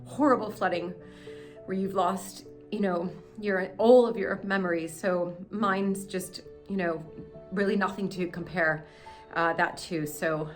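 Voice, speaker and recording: A woman's voice: on the low side, fairly even intonation, a little slow, faint music behind. An American woman filming a casual vlog from behind the camera in a cellar, talking in an emotional, rambling, apologetic way. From United States. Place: house cellar. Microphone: handheld camera.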